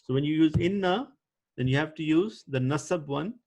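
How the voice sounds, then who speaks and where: Male teacher, slightly high voice, patient, checks in with students often. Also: moderate pace, a little mellow. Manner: explains patiently, checks understanding with "right?". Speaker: Arabic grammar teacher. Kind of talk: online class teaching.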